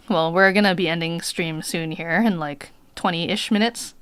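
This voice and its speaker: Give me a casual woman streamer talking over gameplay, voice on the lower side. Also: unhurried, a bit bright, clean tone. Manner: casual, chatty asides. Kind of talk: casual live game commentary.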